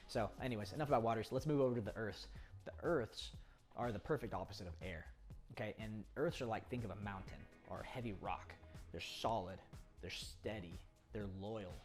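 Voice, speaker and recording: A chatty young man with a lowish voice talks through his ideas in a loose, rambling way, full of restarts and quick laughs. Faint music plays underneath him. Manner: chatty, rambling, laughs often, acts out quoted people. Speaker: poker coach. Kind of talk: casual talking-head explainer.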